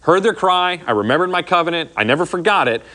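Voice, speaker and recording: A man's voice: on the high side, animated, fast, sharp tone. Casual man teaching a Bible study. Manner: conversational, says "okay?" often, acts out quoted speech.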